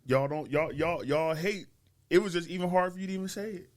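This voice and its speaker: A man's voice: on the high side, brisk. A man co-hosting a podcast, chatting casually and teasing in a joking way. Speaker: podcast co-host. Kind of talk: casual chat.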